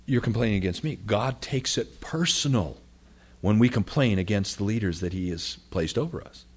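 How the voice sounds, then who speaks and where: Low and husky at a normal speed, this man's voice carries a sermon in which he reads scripture aloud. The pastor is animated, voicing quotes from the people and from God.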